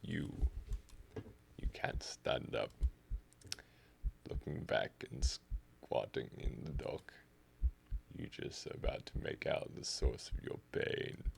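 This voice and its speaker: A man's voice: extremely low pitch, slow, vocal fry, pauses often, breathy edge. A man streaming live, reading a text game aloud in the second person and reacting as he goes.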